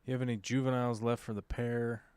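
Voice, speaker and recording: A man's voice: mid-range voice, little pitch movement, quick pace, darkish tone, clean tone, dry recording. An American man hosting a livestream, chatting casually and rambling with lots of fillers as he reads viewer comments. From United States. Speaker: livestream host.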